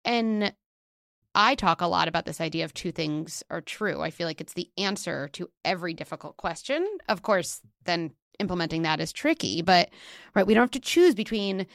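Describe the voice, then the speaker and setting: A woman hosting a podcast who talks in a reflective, affirming way. Her voice sits a little low, and the recording is dry and close, with no room sound. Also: lively intonation, moderate pace, a bit bright, no echo. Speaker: podcast host. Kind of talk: podcast conversation.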